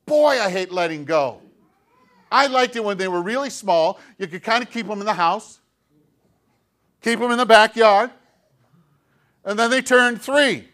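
A man's voice: high voice, fairly bright tone. A middle-aged man preaching a sermon as pastor, in a conversational, self-deprecating way full of rhetorical questions.

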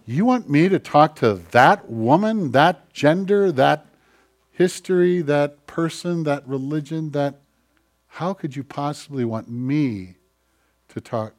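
A man preaching a sermon in a conversational way, putting questions to the congregation and swinging from loud exclamations to hushed, quiet lines. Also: fairly high pitch, expressive, takes it slowly. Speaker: pastor.

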